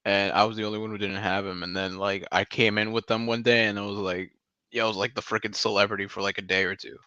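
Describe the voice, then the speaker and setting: A man's voice: lowish voice, little pitch movement, fast talker, bright, forceful tone, smooth, dry recording. A man in his twenties chatting casually on a live voice call, rambling in slang with lots of "like" and "bro". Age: 20s. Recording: dull lo-fi mic.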